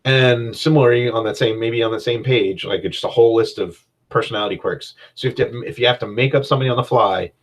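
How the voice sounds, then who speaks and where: A man's voice: medium pitch, fast talker, hardly any pauses, poor audio. A man hosting a casual solo podcast as a game master. He rambles in a self-deprecating way and uses many fillers.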